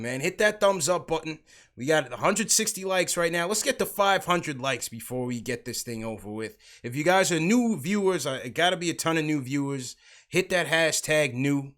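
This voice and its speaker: A man's voice: on the high side, lively intonation, moderate pace, fairly bright tone. A man hosting a sports livestream podcast, talking casually about basketball and calling out chat viewers. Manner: hypes up the chat, greets viewers.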